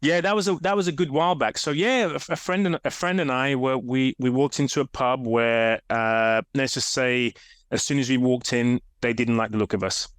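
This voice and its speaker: A man's voice: medium pitch, moderate pace, clean tone, dry recording, clean studio sound. A grown man, a fitness coach guest, telling stories in a casual interview and acting out the voices in them. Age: adult. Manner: animated storyteller, acts out voices in quotes.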